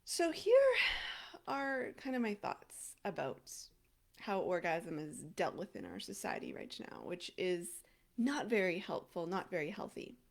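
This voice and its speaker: A woman in her thirties speaks casually to camera as an intimacy coach. She thinks out loud, restarts her sentences and pauses to question how to say a word. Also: on the low side, sing-song, vocal fry. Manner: thinks aloud, restarts and checks her own pronunciation.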